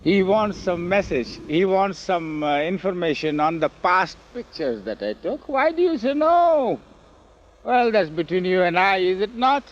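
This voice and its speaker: An older man telling memories in an oral history interview, animated and acting out the quoted speech, recorded outdoors on old film. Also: high-pitched, normal speed, hardly any pauses. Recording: dull lo-fi 1970s film audio.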